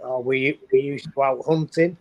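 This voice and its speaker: A man's voice: medium pitch, steady tone, normal speed, a little mellow, low-quality recording. Chatty English man with restarts. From England. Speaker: guest on a live stream. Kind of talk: casual chat.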